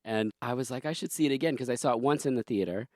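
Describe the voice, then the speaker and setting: A man's voice: mid-range voice, quick pace, a little mellow, no room sound, studio quality. A man hosting a podcast movie draft in casual chat, wry and self-mocking. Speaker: podcast host.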